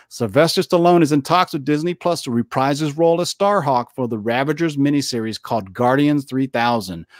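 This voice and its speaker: Guy cohosting a casual comics chat, lively, lots of ums, dry close sound. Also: on the high side, dry recording. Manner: animated, talks fast with frequent fillers. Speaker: co-host.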